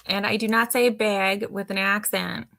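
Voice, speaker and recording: A woman's voice: mid-range voice, steady tone, moderate pace, gravelly, a bit bright. A woman from Wisconsin, a guest on a livestream, chatting in a playful way. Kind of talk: casual chat.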